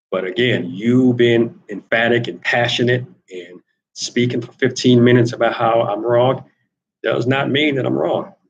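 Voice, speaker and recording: A man's voice: medium pitch, low-quality recording. A man hosting a solo talk monologue, wry and rambling, repeating words as he thinks, turning emphatic when he argues a point. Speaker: host.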